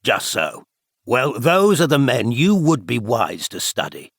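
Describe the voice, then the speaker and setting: A man's voice: mid-range voice, big pitch swings, unhurried, no echo, clean studio sound. A man reading the part of a severe older male spy chief who lectures emphatically. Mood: lecturing.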